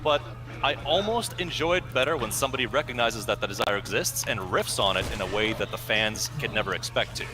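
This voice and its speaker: Male co-host, mid-pitched, wordy and analytical, loud game music behind him. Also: lively intonation, brisk. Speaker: co-host gaming commentator. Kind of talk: casual gameplay chat.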